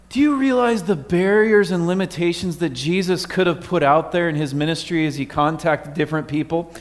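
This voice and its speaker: A man preaching a sermon as pastor, telling stories and dropping his voice slowly for emphasis. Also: on the high side. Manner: storytelling with emphatic slow drops. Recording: echoey hall.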